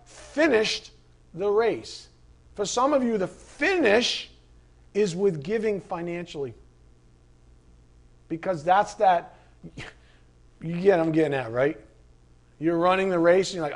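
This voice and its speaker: A man preaching a sermon in an animated way, acting out voices and sometimes shouting. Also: sits high.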